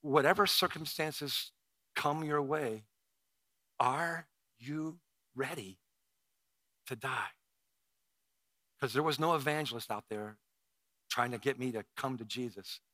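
Male preacher, crisp bright tone, restarts and repeats words, close dry mic. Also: medium pitch, no room sound. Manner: emotional storytelling with frequent restarts and repeated words. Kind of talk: sermon with personal story.

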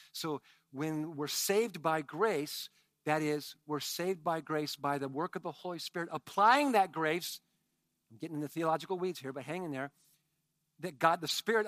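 A high-voiced man delivers a sermon, swinging from quiet, hushed phrases up to emphatic shouts. He throws in chatty asides to the congregation, and his bright tone comes through a close, dry recording. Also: no echo. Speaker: pastor.

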